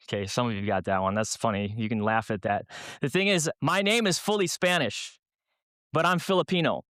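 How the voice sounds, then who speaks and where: A man's voice: mid-range voice, fairly quick, fairly bright tone, dry recording, studio quality. A man from Minnesota speaking as a guest at a church youth night, telling funny stories and asking the room rhetorical questions. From Minnesota, USA. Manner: humorous storyteller with rhetorical questions. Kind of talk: youth talk at a church event.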